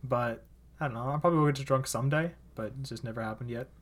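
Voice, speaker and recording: A man's voice: mid-range voice, fast talker. A young man co-hosting a podcast in casual chat, rambling with many fillers and frequent laughter. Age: young adult. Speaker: podcast co-host.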